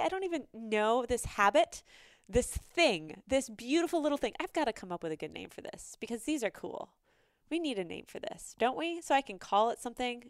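Chatty woman podcaster, very clear voice. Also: a little high, no echo, clean studio sound. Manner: chatty and animated, with many fillers and restarts. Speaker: podcast host. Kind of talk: casual solo podcast talk.

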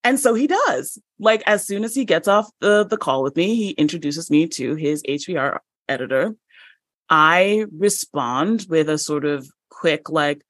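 Lively lower-voiced woman telling a story. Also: a little slow, dry recording. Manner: animated, acts out dialogue in stories, frequent restarts and light laughs. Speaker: guest; published writer. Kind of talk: conversational podcast storytelling.

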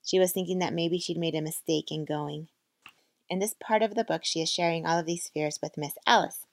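Woman podcast host, heartfelt book reader, low pitch, dry sound. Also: vocal fry, no room sound. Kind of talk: book reading and narration.

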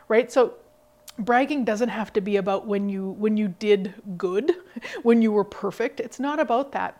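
Upbeat woman, slightly high voice. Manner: energetic, emphatic, laughs often. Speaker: podcast host. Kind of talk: motivational solo talk.

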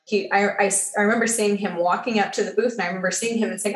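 A woman's voice: mid-range voice, steady tone, quick pace, roomy sound. A woman guest telling a personal story in a casual podcast chat. She talks with lots of fillers and acts out the dialogue she quotes.

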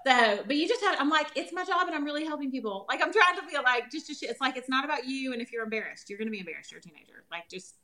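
A woman in her forties speaks with a Southern US accent in a bright, crisp tone. She rattles along at a fast clip in casual podcast chat, animated and laughing often. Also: sits high. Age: 40s. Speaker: guest, holistic nutritionist.

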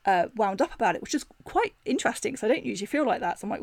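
A middle-aged woman, hosting a personal storytelling podcast in a chatty, animated way, full of "like" fillers. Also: fairly high pitch, rapid-fire, creaky, no room sound. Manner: animated retelling with laughs. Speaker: podcast host.

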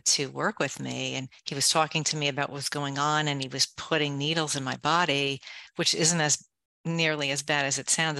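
Brisk, practical woman with gravelly edges. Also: deep voice, no room sound. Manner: energetic, gives practical step-by-step guidance; self-described go-go person. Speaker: author and interview guest. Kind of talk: conversational advice in an interview.

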